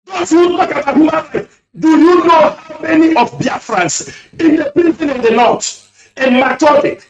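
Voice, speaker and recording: A radio caller with an extremely high-pitched voice and vocal fry delivers an impassioned speech, fierce and accusing, repeating himself a lot. The phone line sounds echoey, distant, and lo-fi.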